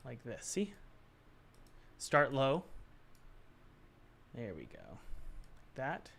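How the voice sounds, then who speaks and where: A man's voice: medium pitch, wildly swooping pitch, extremely slow, creaky, fairly bright tone, husky. A man who develops games, thinking aloud to himself as he works, puzzled and muttering with sighs. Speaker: game developer. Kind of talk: thinking aloud while working.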